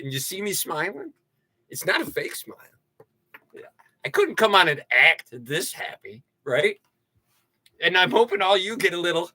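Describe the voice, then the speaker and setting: A man hosting a casual livestream, chatting in a loose, rambling way. His voice is bright and slightly high, and he keeps poking fun at himself. Now and then he breaks into excited high yelps and laughter. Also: normal speed, long pauses. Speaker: livestream host.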